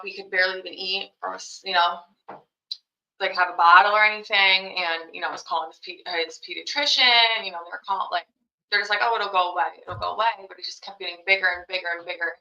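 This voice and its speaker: A woman's voice: lowish voice, sharp tone. A young woman, a mother, answering interview questions in a casual, rambling way full of fillers. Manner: rambling, heavy on fillers like "you know" and "like". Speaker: podcast guest, young mother. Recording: roomy, dull lo-fi sound.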